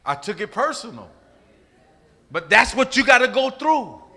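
A middle-aged male pastor preaching a sermon, emphatic, swinging from loud calls to hushed asides. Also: very high voice, big pitch swings, normal speed.

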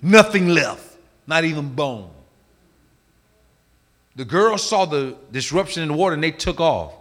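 Animated preacher man telling a vivid story. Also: fairly high pitch, measured pace. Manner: dramatic storytelling, swinging between hushed and loud. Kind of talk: sermon.

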